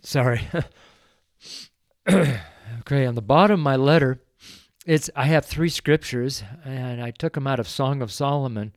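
Tearful, slow-speaking devotional podcast man. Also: medium pitch, dry recording, clean studio sound. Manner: emotional, tearful, slow and earnest. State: choked up with tears. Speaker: podcast host. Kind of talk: devotional prayer and testimony.

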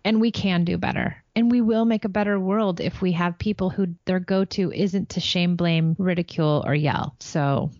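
A woman's voice: on the low side, normal speed, few pauses, a little mellow, no echo, highs cut off. A woman hosting a parenting podcast, talking earnestly and encouragingly with frequent restarts. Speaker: podcast host, parenting coach. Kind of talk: casual podcast chat.

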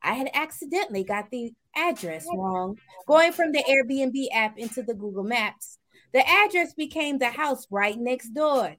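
A woman reading news stories on a comedy morning show, giggling and breaking into laughter as she reads. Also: sits high.

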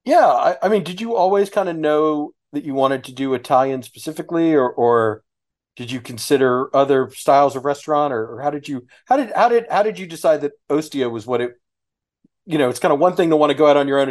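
A man hosts a relaxed podcast interview, firing off questions and chiming in quickly. He talks fast, in a voice a little higher than most men's. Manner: quick conversational questions with restarts. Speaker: podcast host.

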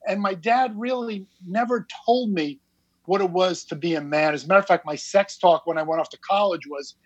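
A man's voice: high-pitched, brisk, no room sound, highs cut off. A man in his fifties with a New Jersey accent, a podcast guest telling his life story candidly, with self-deprecating laughs. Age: 50s. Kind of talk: casual storytelling.

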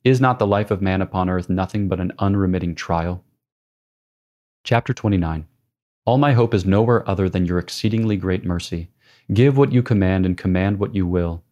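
Low-voiced male reader, measured and prayerful, for a devotional text reading. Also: warm tone. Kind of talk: scripted reading of a devotional classic.

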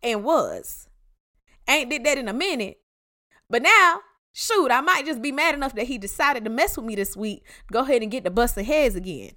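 A woman with a Georgia Southern accent hosts a devotional podcast, speaking in a high, bright voice. She exhorts her listeners emphatically, and her pitch swings widely as she mixes slang with preaching. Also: animated, normal speed. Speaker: podcast host. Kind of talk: casual devotional podcast talk.

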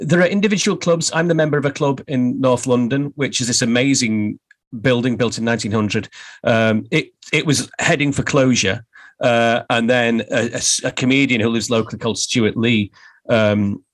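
A man talking as an interview guest, wry and halting, with many restarts and laughs. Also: medium pitch. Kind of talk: casual interview chat.

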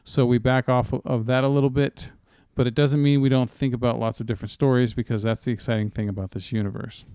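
A man co-hosting a relaxed chat podcast, talking loosely with plenty of ums and casual cursing. His voice is smooth and clear, and it is recorded close on a dry mic. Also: medium pitch, fast, hardly any pauses, no echo. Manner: laid-back, swearing, filler-heavy. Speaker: podcast co-host.

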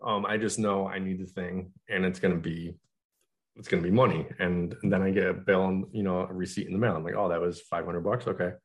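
A man in a casual podcast chat, telling in a relaxed, reflective way how he started his tent business. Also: low voice, a little fast. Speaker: tent rental business owner.

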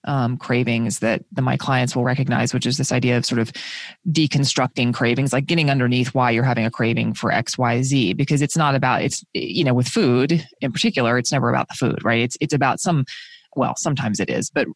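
A man's voice: medium pitch, steady tone, fairly quick, no room sound. A man with a mid-range voice hosts an interview and talks as a coach. He speaks thoughtfully and often searches for the right words. The recording is dry and close. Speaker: podcast host and coach. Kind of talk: conversational interview.

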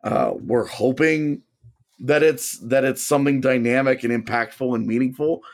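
Hoarse male co-host, mid-range voice, careful analytical chat. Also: medium pitch, moderate pace. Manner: thoughtful, hedging analysis. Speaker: podcast co-host. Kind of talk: casual sports talk.

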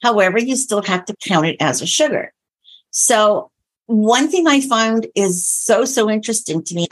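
A middle-aged woman, a nutrition coach, chatting as a guest on a podcast and telling stories with lively quoted dialogue. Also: mid-range voice, normal speed. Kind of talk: casual podcast interview.

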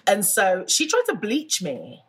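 A woman's voice: medium pitch, wildly swooping pitch, a little slow, husky. A woman with a British accent, a musician who is a guest in a casual interview, talking candidly and laughing often. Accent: British English. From Britain.

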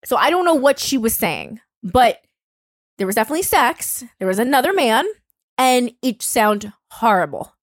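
A woman in her thirties telling a story in casual chat, animated and swearing freely. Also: on the high side, normal speed, no room sound, studio quality. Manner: animated, swearing, voices others in quotes. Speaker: storyteller on a podcast.

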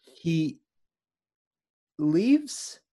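A man's voice: fairly high pitch, very animated, drawn-out words, mellow. Chatty man discussing a movie. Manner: chatty, filler-heavy, laughing along. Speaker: podcast co-host.

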